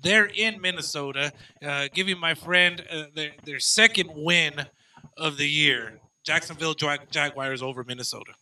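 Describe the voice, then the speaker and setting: A tired man guesting on a podcast, chatting excitably and playfully about games. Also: fairly high pitch, normal speed. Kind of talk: casual sports picks chat.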